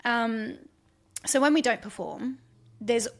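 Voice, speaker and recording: A woman's voice: on the high side, takes it slowly. Reflective woman podcast host. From former athlete. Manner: reflective, encouraging, frequent fillers. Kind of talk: casual podcast interview.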